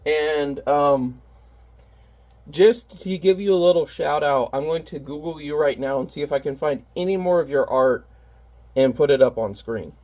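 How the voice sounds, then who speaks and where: A man's voice: fairly high pitch, normal speed, darkish tone. A man who is a parent, chatting casually and candidly while painting on camera, rambling and self-deprecating. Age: adult parent.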